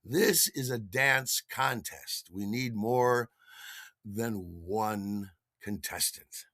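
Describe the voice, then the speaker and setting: Nightclub DJ done by a man, booming announcer patter, bright. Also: extremely slow, dry recording, studio quality, exaggerated voice. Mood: announcing. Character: loud male nightclub DJ on a mic.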